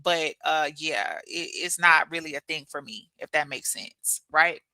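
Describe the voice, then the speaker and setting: A woman in her thirties or forties hosting a casual motivational livestream and reading chat messages. She talks in an animated, preachy way and keeps repeating that she is telling you. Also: deep voice, a little slow, no echo.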